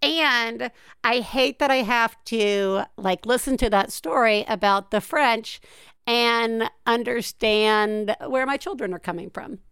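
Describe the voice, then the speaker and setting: A woman's voice: fairly high pitch, takes it slowly, a bit bright, clear, resonant tone, no echo. A woman hosting a podcast, chatting casually with an enthusiastic, giggly manner on a close mic. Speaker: podcast host.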